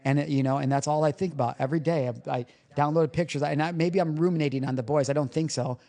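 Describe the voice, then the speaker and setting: A man's voice: fairly high pitch, fairly even intonation, fast, vocal fry, dark tone. A man guesting on a podcast as a recovery coach, telling a personal story candidly and emotionally, swearing casually.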